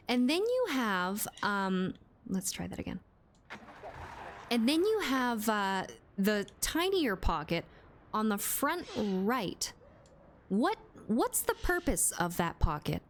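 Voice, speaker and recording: A woman's voice: mid-range voice, slight background noise. A woman livestreaming a game from a room at home, chatting playfully and answering her chat as she plays. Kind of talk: casual live-stream chat while gaming. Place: home room with door closed. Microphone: streaming mic with compressor.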